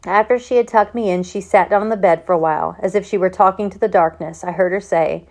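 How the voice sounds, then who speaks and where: A woman reading a novel aloud in first person, in a steady way with small stumbles and self-corrections. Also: mid-range voice, fast talker. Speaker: audiobook reader.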